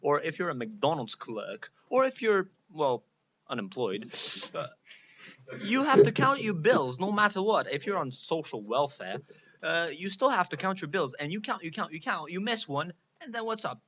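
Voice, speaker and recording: A man's voice: a little high, very animated, moderate pace, fairly bright tone. Riffing man with clicking noise behind. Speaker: college radio co-host.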